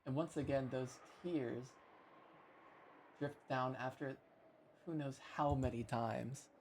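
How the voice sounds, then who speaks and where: A man's voice: mid-range voice, fairly even intonation, slow pace, darkish tone, a little hiss or hum. Brief: male streamer, game reading, plain mid voice, stumbles and corrects himself. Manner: reads aloud with small slips and self-corrections. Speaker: streamer reading a visual novel aloud. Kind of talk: dramatic reading of game text.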